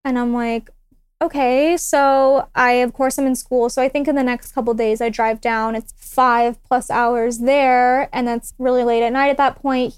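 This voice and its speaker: A woman's voice: sits high, smooth, dry recording. A young woman in her twenties, a podcast guest telling a personal story in casual chat and acting out the lines of the people in it. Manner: animated, acts out quoted dialogue.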